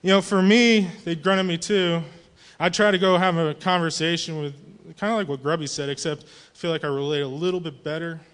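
A man with a notably high voice speaks to a church congregation, saying goodbye as youth group leader. His delivery is casual and humorous, chatty rather than polished. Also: fairly even intonation, brisk, a bit bright, clear, resonant tone. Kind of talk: farewell speech to a congregation.

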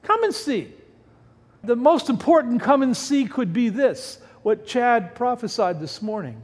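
A man preaching a sermon from the pulpit of a church, his voice pitched high and swinging widely as he fires off rhetorical questions. He often breaks off mid-word and restarts. His voice rings with a long hall reverb. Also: sing-song, measured pace. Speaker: pastor. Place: church sanctuary.

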